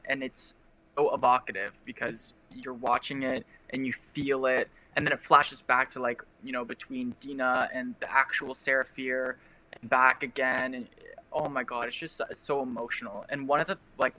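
A man's voice: mid-range voice, bright, forceful tone. A man who is a film critic, guesting on a podcast in casual chat and talking with gushing enthusiasm.

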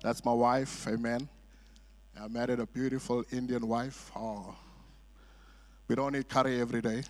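Delivering a sermon as a guest in a church sanctuary, a middle-aged man uses a mid-range voice, level tone and normal speed. He tells jokey, chatty stories and fills them with lots of "uh" sounds.

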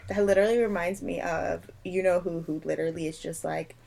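Young woman, from puerto rico, low gravelly voice, animated and emphatic, casual chat. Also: fairly quick, low-quality recording. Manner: animated, emphatic, acts out quoted people.

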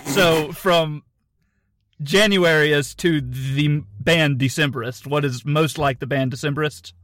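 A young man co-hosting a comedy podcast, trading dry, deadpan quips. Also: a little high, a little slow, dry recording. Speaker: podcast co-host. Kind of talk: casual comedic podcast banter.

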